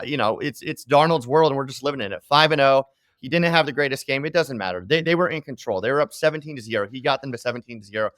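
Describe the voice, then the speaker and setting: A man's voice: mid-range voice, a bit bright, dry recording, studio quality. A man who co-hosts a sports podcast and delivers heated, profane rants. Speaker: co-host, sports bettor.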